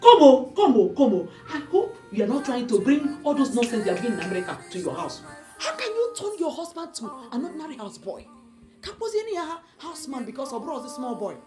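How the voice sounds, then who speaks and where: An actress playing an outraged middle-aged mother who scolds her daughter, speaking in a loud, exclamatory way. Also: sits high, very animated, quick pace, music in the background. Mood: scolding. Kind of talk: film drama acting.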